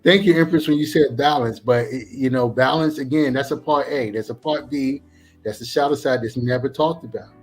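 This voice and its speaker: A middle-aged man and former police officer, a guest on a talk show, explaining in an animated, preachy way with many examples. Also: mid-range voice, brisk, soft background music. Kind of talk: casual talk show discussion.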